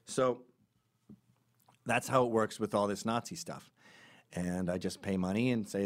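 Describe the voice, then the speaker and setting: A man hosting a podcast, telling stories in a casual comedic monologue with quick asides. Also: lowish voice. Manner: animated storytelling with quick asides and laughs. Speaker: podcast host.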